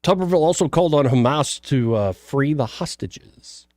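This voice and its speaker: A man's voice: on the high side, animated, normal speed, a little mellow, dry recording, clean studio sound. A man hosting a radio talk show, reading news headlines and riffing on them with jokey asides. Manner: jokey, reads headlines then riffs with asides. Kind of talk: casual talk radio chat.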